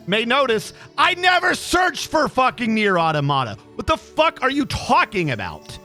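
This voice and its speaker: A man's voice: high voice, wildly swooping pitch, moderate pace, sharp tone, soft background music. A male game streamer with a throat infection, chatting casually on a livestream and ranting with plenty of swearing. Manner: ranting, profane, exasperated.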